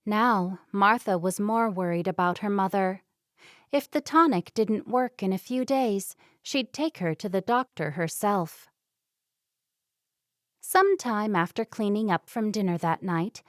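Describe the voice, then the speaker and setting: A woman narrating a romance novel audiobook in an even, measured reading. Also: medium pitch, no room sound, clean studio sound. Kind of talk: scripted narration.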